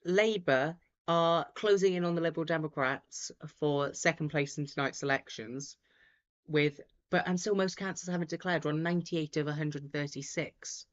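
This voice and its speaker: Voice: medium pitch, fairly even intonation, moderate pace. Host, chatty rambling results commentary from home, muffled lo-fi audio. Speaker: host of a live results stream. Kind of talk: casual live commentary. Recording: dull lo-fi sound.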